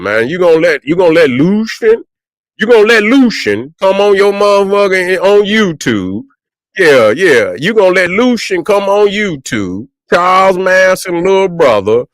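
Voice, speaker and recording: A man's voice: high-pitched, no room sound, clean studio sound. Profane man ranting. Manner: loud, profane, repetitive, addresses viewers. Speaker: online commentator. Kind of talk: profane livestream rant.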